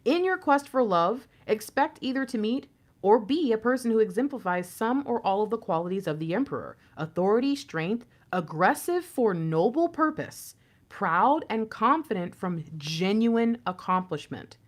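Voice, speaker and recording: A woman reads tarot cards in a casual, chatty way. Her pitch swings widely as she talks, and she slips into slangy, joking asides and frequent laughter. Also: expressive, moderate pace. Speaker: tarot reader.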